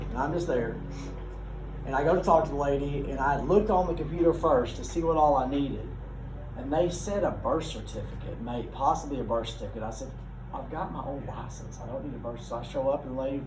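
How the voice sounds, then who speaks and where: A man teaching a class, explaining ideas through folksy, animated personal stories. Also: mid-range voice. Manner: folksy and animated, drawling asides. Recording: echoey room, mic far off, noisy.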